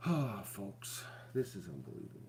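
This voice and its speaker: A man's voice: lowish voice, big pitch swings, moderate pace, darkish tone, a little hiss or hum. A middle-aged man, chatting casually to viewers at home, rambling and repeating himself. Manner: addresses viewers as folks. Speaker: vlog host.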